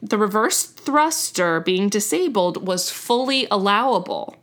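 A woman's voice: mid-range voice, animated, measured pace, fairly bright tone. A young woman hosts a casual storytelling chat, her mid-range voice chatty and loose. She corrects herself often and laughs at her own slips. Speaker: podcast host.

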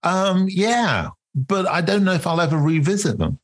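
A man's voice: sits high, lively intonation, moderate pace. A man hosting a podcast, talking in a thoughtful, reflective way in a casual conversation. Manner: thoughtful, reflective, mild restarts. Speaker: podcast host.

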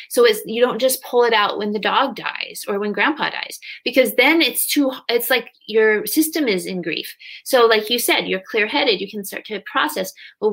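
A woman in her thirties speaking as a guest in an interview, earnest and reflective, acting out parents and children as she explains. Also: fairly high pitch. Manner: earnest, animated when acting out parents and kids. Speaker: guest, grief companion trainer. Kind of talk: conversational interview.

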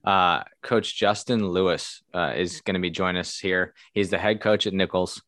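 A man's voice: low voice, steady tone, normal speed, a bit bright, dry recording, studio quality. A man in his thirties co-hosting a podcast in a laid-back, chatty way with many fillers. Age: 30s. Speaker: podcast co-host. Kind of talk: casual chat.

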